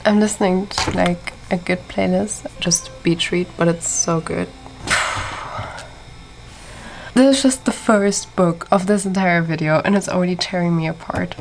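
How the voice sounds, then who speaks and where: A woman's voice: fairly low pitch, normal speed, vocal fry, hardly any pauses, soft background music, low-quality recording. A young woman vlogging her reading day in a chatty, gushing way, tired and a little sleepy. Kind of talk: casual reading vlog.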